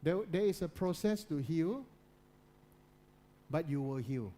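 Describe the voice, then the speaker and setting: Man giving a soft-spoken motivational talk. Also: on the high side, expressive, measured pace. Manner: repetitive, keeps checking in with listeners. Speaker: guest speaker.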